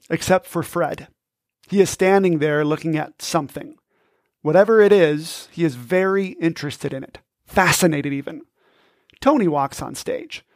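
Man, podcast host, high voice, gravelly, upbeat scripted narration, dry close mic. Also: no room sound. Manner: upbeat, instructive.

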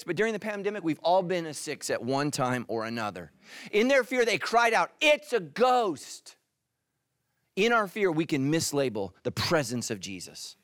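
A middle-aged man, a pastor, preaching a sermon with animated swings from loud emphasis to hushed, intimate lines. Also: on the high side, dry recording, studio quality.

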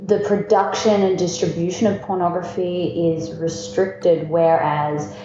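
An Australian woman in her thirties talks in a relaxed, thoughtful way and laughs easily. Her voice is mellow and warm. It comes over a dull, muffled remote line with a very echoey room and faint hiss behind it. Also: on the low side, measured pace. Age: 30s. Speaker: guest. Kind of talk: casual interview. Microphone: remote call.

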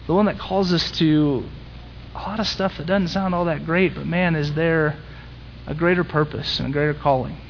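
A man's voice: on the high side, lo-fi sound. A young man preaching a conversational, emphatic sermon in a church, rising to intense peaks. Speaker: pastor.

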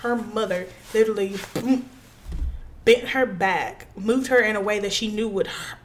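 A woman co-hosting a podcast, telling a work story in animated casual chat, swearing and acting out quotes. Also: mid-range voice, normal speed, a little hiss or hum. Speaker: podcast co-host.

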